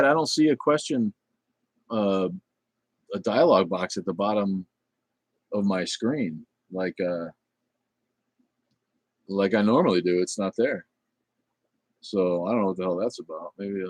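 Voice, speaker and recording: Rambling low-voiced man hosting a livestream. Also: unhurried, long pauses, no echo. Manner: rambling, chatty, with many fillers and restarts; irreverent and blunt. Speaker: livestream host. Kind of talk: casual livestream chat reading viewer comments.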